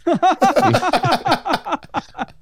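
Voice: very high-pitched, animated, extremely slow, a loud crowd. A podcast co-host joking about a movie in casual chat, laughing often. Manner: giggly, joking.

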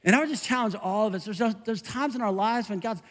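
High-voiced conversational male pastor. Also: fast, big-room sound. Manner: conversational, animated, self-interrupting with laughs. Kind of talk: sermon.

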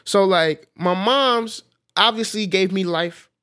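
A man co-hosting a podcast in casual chat, animated, often laughing, with many fillers. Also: sits high, slow pace, clean tone. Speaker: podcast co-host.

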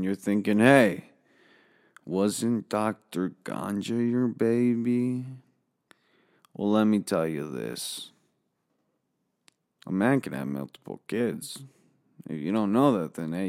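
A man's voice: fairly low pitch, creaky, darkish tone. A man telling a comedic story in a boastful, rambling way, swearing freely.

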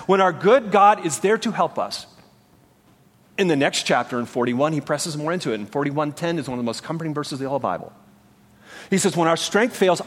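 A pastor preaches a sermon in a church sanctuary, his fairly high, slightly bright voice echoing through the reverberant hall. He is earnest and emphatic, leaning on rhetorical questions.

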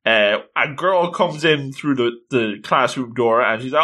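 A man reading a comic aloud in casual commentary, chatty and quick to exclaim at what happens. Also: mid-range voice, bright, forceful tone. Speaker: manga reader. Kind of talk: casual read-along commentary.

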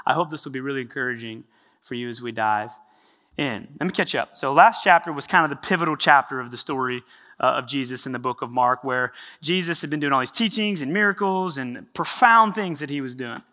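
Male pastor preaching, bright clear voice, chatty animated storytelling. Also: high voice. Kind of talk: sermon.

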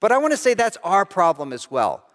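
A middle-aged man pastor preaching a sermon, telling a self-deprecating story with lively, animated delivery. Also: high-pitched, fairly quick, in a large hall. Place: church sanctuary.

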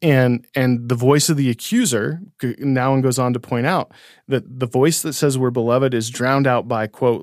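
A man's voice: medium pitch, steady tone, moderate pace, a little mellow, no echo, clean studio sound. A man co-hosting a casual conversation about faith and ministry, reflective, laughing easily and restarting his sentences as he thinks aloud. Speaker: podcast co-host.

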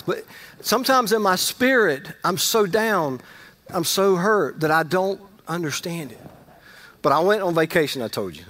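A middle-aged man with a high voice gives a sermon as a pastor, keeping it conversational while rising to loud emphasis and dropping to quiet asides.

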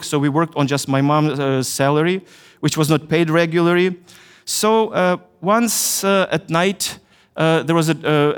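A middle-aged man from Ukraine with a Ukrainian accent, telling a story in a chapel sermon with earnest pauses and hesitations. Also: on the high side, clean tone. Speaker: chapel speaker. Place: university chapel. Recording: long hall reverb.

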